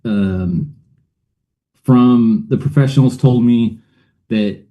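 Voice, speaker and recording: A man's voice: medium pitch, slow pace, highs cut off. A middle-aged man, a guest on a show, telling a personal story in a rambling way, with many fillers and uneasy laughs.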